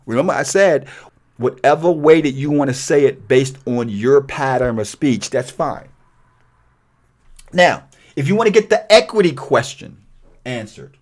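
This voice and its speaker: An energetic middle-aged man walks through a cold calling script, his pitch rising and falling a great deal as he stresses each point. His voice sits a little high for a man, and he slips into a lighter tone to act out sample lines for callers. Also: measured pace. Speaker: real estate investing coach. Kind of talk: training video walkthrough.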